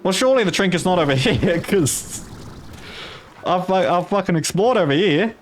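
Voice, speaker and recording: A man's voice: sits high, animated, normal speed, soft background music. Rambling man in a put-on Australian accent. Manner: rambling, profane, jokey asides. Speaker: gaming video host. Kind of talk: casual gameplay commentary.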